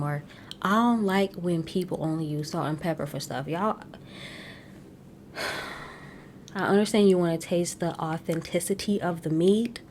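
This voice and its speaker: A woman hosting a podcast, chatting casually and sassily with blunt opinions, slangy asides and quick laughs. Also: fairly low pitch, a little mellow, a little hiss or hum. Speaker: podcast host recapping a reality show. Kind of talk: casual chat.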